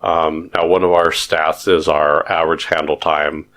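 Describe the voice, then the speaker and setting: A man's voice: rumbling low, flat delivery, unhurried, a bit bright. A man co-hosting a podcast, telling stories in a rambling, hesitant casual chat. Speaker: podcast co-host.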